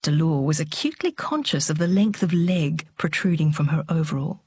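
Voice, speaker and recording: A woman narrating an audiobook in a steady, measured storytelling voice. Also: low-pitched, breathy edge.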